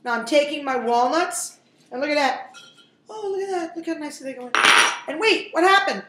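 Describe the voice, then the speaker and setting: A woman's voice: sits high, expressive, a little fast, a bit bright, roomy sound, slight background noise. A woman in her forties hosting a home cooking show, chatting and joking straight to viewers as she works. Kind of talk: casual cooking demonstration.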